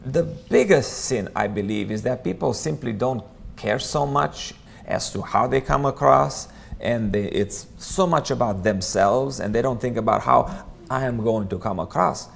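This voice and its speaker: Man, gravelly, earnest, conversational, church Bible study talk. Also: mid-range voice, a little slow, a little hiss or hum. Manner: earnest, conversational, repeats and restarts. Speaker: church teacher.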